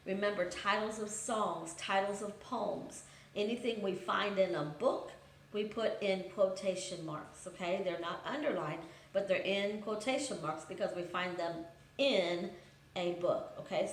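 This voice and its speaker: A woman's voice: mid-range voice, moderate pace, roomy sound, a little hiss or hum. A woman teacher giving a grammar lesson to students, reading out example sentences and patiently explaining each one. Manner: patient, methodical, reads example sentences aloud then explains.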